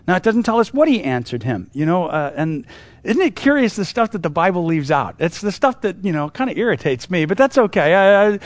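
A man's voice: high voice, big pitch swings, a little fast, dry recording. A man teaching through a Bible passage in a casual, conversational way, with lots of asides and restarts.

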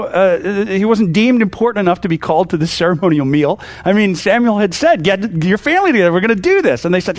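A man's voice: sits high, very animated, quick pace, hardly any pauses, dry recording. A middle-aged man teaching from the Bible in a casual, conversational way, full of fillers and restarts, acting out the people he quotes. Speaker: pastor.

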